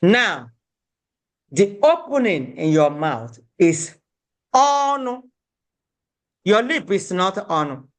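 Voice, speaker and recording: A woman's voice: on the low side, big pitch swings, slow pace. A woman teaching a beginner language class, patiently repeating each word and breaking words into syllables.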